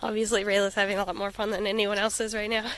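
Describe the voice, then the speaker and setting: A woman's voice: mid-range voice, little pitch movement, fast talker, fairly bright tone, a little hiss or hum. A woman chatting casually in a home vlog about her pets, rambling and giggling, cooing at the animals. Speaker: pet vlogger. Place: home pet room.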